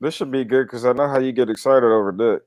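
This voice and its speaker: A man's voice: mid-range voice, quick pace, darkish tone, no room sound. A man joining a livestream panel, teasing and cracking jokes in casual chat. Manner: teasing, joking. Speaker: panel guest.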